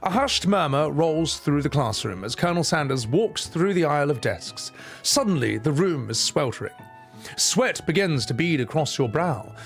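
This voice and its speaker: A man reads out a visual novel with a playful, wry delivery, his voice high and lively with big swoops. Faint music plays behind him. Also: moderate pace. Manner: playful, wry narration with asides. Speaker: gaming streamer. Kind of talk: reading aloud a visual novel.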